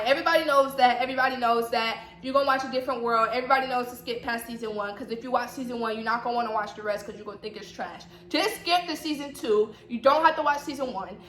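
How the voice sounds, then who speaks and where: A young woman from Atlanta with a slight Southern accent talks casually to her camera, repeating herself and tossing in teasing asides. Her voice is bright and a little high. The room rings with echo under a faint hiss. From Atlanta, Georgia. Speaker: vlogger. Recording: echoey room with faint noise.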